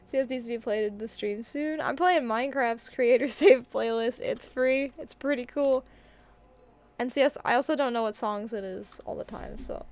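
A woman streams a video game and chats casually, reading her chat aloud and reacting to it. Her voice is on the high side and a little mellow, at a moderate pace.

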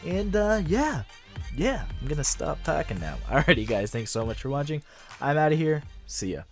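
A man's voice: a little high, sing-song, moderate pace, darkish tone, husky, faint music behind. A man hosting a casual video, chatty and rambling with light laughs. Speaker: video host. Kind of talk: casual commentary.

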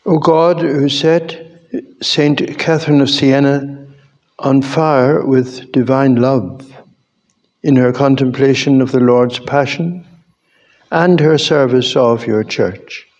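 A man leads the prayers of a Mass as priest in a chapel, intoning slowly and solemnly. The recording sounds slightly dull and lo-fi. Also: medium pitch, steady tone, darkish tone. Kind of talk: liturgical prayer.

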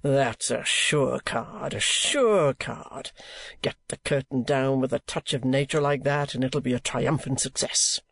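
A man voicing a pompous, blustering male stage actor with a slow, deep, theatrical drawl. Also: a bit bright, no room sound.

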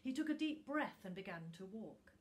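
A woman reading a children's storybook aloud as a teacher, in an animated, expressive way with dramatic pauses. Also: fairly high pitch, slight background noise.

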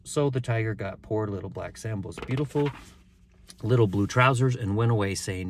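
A man's voice: on the low side, normal speed, slight background noise. A man reading a children's story aloud, chuckling and stumbling now and then, with chatty asides. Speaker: reader.

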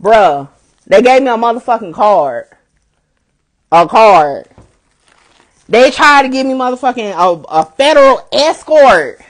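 Animated, profane woman blogger telling a story. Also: a little high, unhurried, long pauses. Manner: animated, profane, repeats herself for emphasis. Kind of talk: casual livestream storytelling.

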